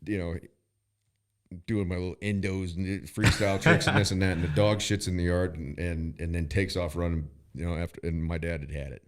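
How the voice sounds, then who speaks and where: A man's voice: deep voice, level tone, a little fast. A middle-aged man telling a rambling story in casual chat, profane and laughing often. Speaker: podcast host.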